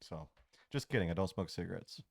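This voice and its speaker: A man in his thirties chatting casually before a tabletop game, joking and teasing in a deadpan way. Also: sits low, fairly quick, creaky. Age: 30s. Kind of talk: casual chat.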